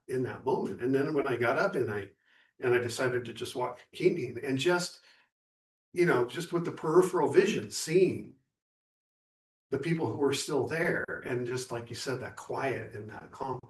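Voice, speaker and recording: Earnest man, echoey and distant. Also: mid-range voice. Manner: earnest, reflective, halting. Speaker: Zen retreat participant. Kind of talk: casual group discussion.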